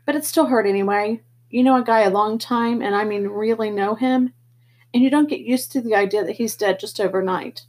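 A woman reading the part of a grieving teenage boy who speaks in a quivering sigh, with a breathy voice. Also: medium pitch, a little fast, darkish tone, close to an everyday voice. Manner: quivering, sighing. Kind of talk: audiobook character reading.

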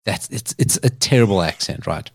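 Guy hosting a podcast, lowish voice, dry sound, rambling and laughing as he tells it. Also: expressive, normal speed, no room sound. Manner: chatty storyteller, laughs often. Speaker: podcast host. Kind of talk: casual chat.

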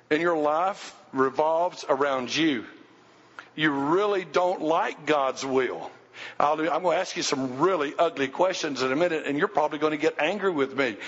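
A man with a high voice preaches a sermon in a church, emphatic and direct, questioning his listeners as he goes. His voice rings with a long hall reverb. The recording is dull and lo-fi. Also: a bit bright. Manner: emphatic, asks the congregation questions. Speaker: pastor. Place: church sanctuary.

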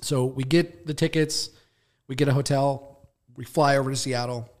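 A young man talking casually on a podcast, telling a long, rambling story. He swears freely and keeps circling back with fillers. His voice sits at an ordinary, mid-range pitch for a man. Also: fairly even intonation, moderate pace. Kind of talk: casual chat.

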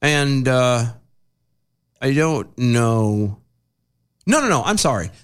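Animated man telling a prank-call story. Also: mid-range voice, takes it slowly, clear, resonant tone. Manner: animated storyteller who acts out both sides of phone calls. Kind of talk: casual chat, storytelling.

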